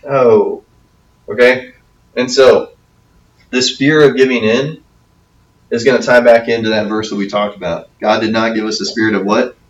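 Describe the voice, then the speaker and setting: A man's voice: on the low side, steady tone, moderate pace, long pauses. A man as youth pastor giving a conversational talk to teens, often checking in with "okay?". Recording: echoey room, from a distance.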